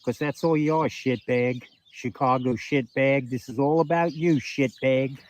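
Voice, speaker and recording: A man's voice: mid-range voice, steady tone, measured pace, no room sound. A man talking casually outdoors by a garden grave, trading profane insults and taunts.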